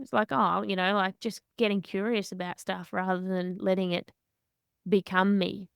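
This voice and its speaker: A woman hosting a podcast, telling candid stories in an animated way. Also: mid-range voice, moderate pace, gravelly, clean tone, no room sound, studio quality. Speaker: podcast host and boxer. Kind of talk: conversational interview.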